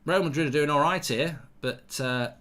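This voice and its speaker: A man's voice: a little high, moderate pace, a bit bright. A man hosting a live football watchalong, chatting bluntly and reading out viewer comments. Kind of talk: casual live-stream chat and commentary.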